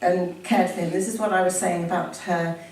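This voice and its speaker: A woman's voice: on the low side, steady tone, fairly quick, a little mellow, slight background noise. A woman chatting casually and reading a story aloud from a book, laughing and correcting herself as she goes. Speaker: reader sharing a family story. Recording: echoey room from far off, faint ambience.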